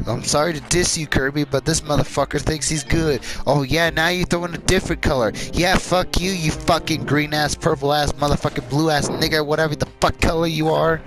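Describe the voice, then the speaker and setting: A man's voice: fairly high pitch, fairly even intonation, brisk, hardly any pauses, low-quality recording. A man trash-talking the computer players nonstop while playing a card game, swearing angrily. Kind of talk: gameplay chat. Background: game soundtrack music.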